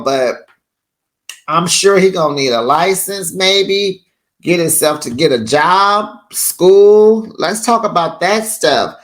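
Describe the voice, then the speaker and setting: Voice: medium pitch, a bit bright. A reality TV recap host giving casual, sassy commentary in a chatty way, acting out quotes.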